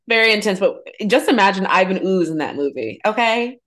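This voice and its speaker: Animated woman podcast co-host. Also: medium pitch, brisk. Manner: animated, banters and laughs along. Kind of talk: casual chat.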